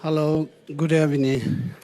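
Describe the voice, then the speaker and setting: A man who leads a community gives a measured, formal address to an audience. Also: fairly high pitch, level tone, dark tone, slight background noise. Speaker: community leader.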